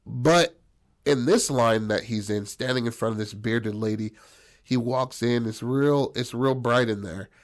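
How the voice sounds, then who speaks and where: A man's voice: medium pitch, measured pace. A man casually telling a story on a podcast, rambling and profane with lots of fillers.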